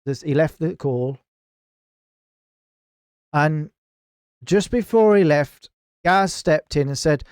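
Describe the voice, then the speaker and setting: A man's voice: a little high, takes it slowly, pauses often, clean tone, no room sound, studio quality. A man, a podcast guest telling a heated story in casual chat, swearing a lot and acting out what others said. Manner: animated, heavy swearing, acts out others' lines. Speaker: podcast guest, gaming clan founder.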